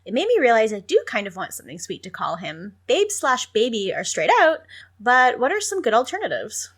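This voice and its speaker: Giggly woman with a lively, highish voice. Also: brisk. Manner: giggly, animated, reads listener questions aloud. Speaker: podcast co-host. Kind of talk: casual chat.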